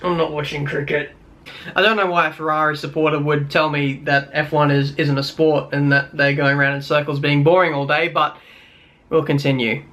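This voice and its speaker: A man's voice: on the high side, level tone, brisk, fairly bright tone. A young Australian man with an Australian accent ranting casually in a vlog, rambling with many fillers and wry complaints. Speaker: YouTuber.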